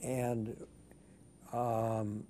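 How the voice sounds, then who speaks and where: An older man being interviewed for an oral history, speaking in a measured, thoughtful way with frequent restarts. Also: medium pitch, flat delivery, dark tone, a little hiss or hum.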